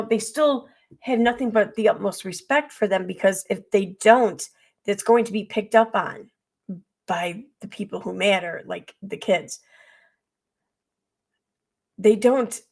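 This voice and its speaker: A woman's voice: mid-range voice, creaky. A woman streamer giving casual reaction commentary, blunt, sarcastic and profane, rambling as she reacts to clips.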